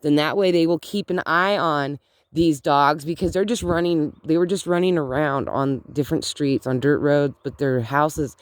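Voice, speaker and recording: A woman's voice: low voice, normal speed, no room sound. Indignant rambling woman vlogging outdoors. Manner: animated, indignant, rambling with many fillers. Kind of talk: casual outdoor vlog rant. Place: outdoors in cold morning air.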